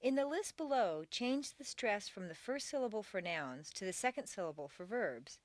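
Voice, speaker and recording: A woman reading a scripted pronunciation lesson, slowly drilling word pairs and carefully contrasting their stress. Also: medium pitch, sing-song, no room sound. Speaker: pronunciation teacher.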